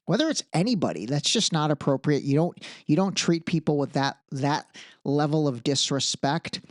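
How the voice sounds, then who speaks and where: A man hosting a podcast, giving casual solo commentary in an animated, emphatic way with frequent asides. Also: fairly high pitch, normal speed, dry recording, studio quality. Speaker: podcast host.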